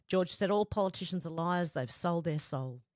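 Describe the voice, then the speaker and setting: Woman streamer, chatty, low-pitched, dry close-up mic. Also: normal speed, darkish tone, no room sound. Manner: reads viewer comments aloud, chatty and laughing. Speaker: livestream host reading chat. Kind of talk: casual livestream chat. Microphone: close desk microphone.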